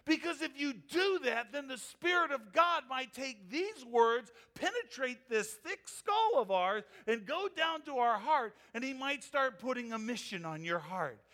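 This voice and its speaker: A man preaching a sermon as a pastor, animated and emphatic, rising and falling as he drives his points home. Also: very high voice, unhurried, few pauses.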